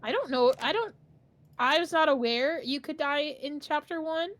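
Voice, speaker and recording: Woman sidekick, quick chatty asides, high bouncy voice. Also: fairly bright tone. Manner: brief chatty interjections. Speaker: sibling watching the playthrough. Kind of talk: casual chat.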